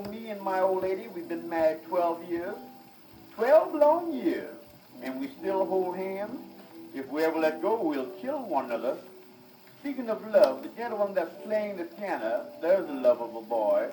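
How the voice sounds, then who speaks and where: A man's voice: high voice, warm tone. A man delivering a vaudeville comedy monologue, wisecracking and laughing at his own jokes, on an old phonograph record. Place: recording studio. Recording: scratchy 1920s phonograph record, distant and roomy.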